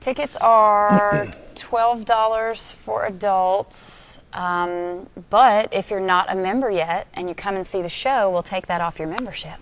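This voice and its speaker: A woman's voice: medium pitch, fairly even intonation, measured pace. Friendly woman explaining ticket details. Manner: friendly, explaining, laughing easily. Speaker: theatre guild member. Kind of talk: casual interview.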